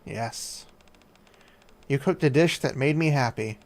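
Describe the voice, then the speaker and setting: A man reading a kind male commander's game lines in a gentle, reassuring voice. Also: medium pitch, takes it slowly. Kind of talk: reading game dialogue aloud.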